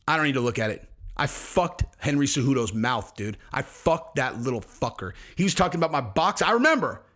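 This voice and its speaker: A man's voice: medium pitch, sing-song, brisk, fairly bright tone. A man playing a drunk, cocky male fighter, talking profane trash in a swaggering way. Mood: defensive. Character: drunk, cocky male fighter boasting about his tweets.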